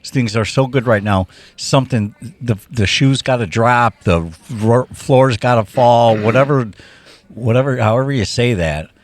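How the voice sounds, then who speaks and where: A man's voice: mid-range voice, a little slow, no echo. A man co-hosting a podcast, chatting casually and animatedly, stumbling over his words as he thinks aloud. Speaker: podcast co-host. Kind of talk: casual chat.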